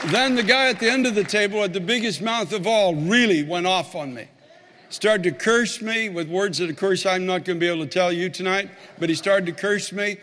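A man's voice: high voice, moderate pace, a bit bright, long reverb tail, some chatter behind. A man, a pastor, telling a story in a sermon and building to fervent, emphatic preaching.

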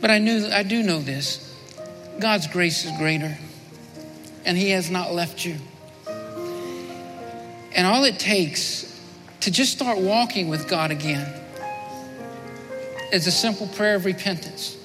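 A man pastor giving an earnest altar call in a sermon, repeating his phrases and often sinking to a soft, low voice. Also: slow, pauses often. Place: church sanctuary. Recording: long church-hall reverb with music. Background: music playing.

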